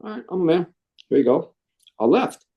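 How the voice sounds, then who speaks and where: A middle-aged man, a Marine veteran, telling his story in an interview, animated and acting out the voices he quotes. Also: high voice, moderate pace, dull audio.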